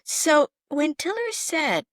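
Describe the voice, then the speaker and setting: A middle-aged woman doctor speaks as a podcast guest in a fairly high voice. She tells her story with animated emphasis and keeps checking that her listener follows. The sound is close and dry, with no room around it. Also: slow pace, no room sound. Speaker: physician guest.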